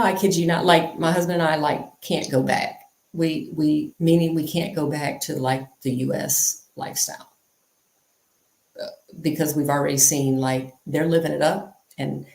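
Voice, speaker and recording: A woman talking as an interview guest, telling stories candidly in an animated, chatty way and repeating phrases for emphasis. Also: low voice, creaky, reverberant. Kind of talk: candid conversational storytelling.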